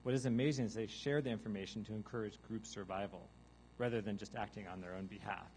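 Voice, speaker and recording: A man giving a deadpan mock science lecture to a live audience, now and then breaking into loud seagull caws and zombie groans. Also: on the low side, quick pace, a little hiss or hum, low-quality recording. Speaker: guest artist presenting research. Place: large hall with a live audience.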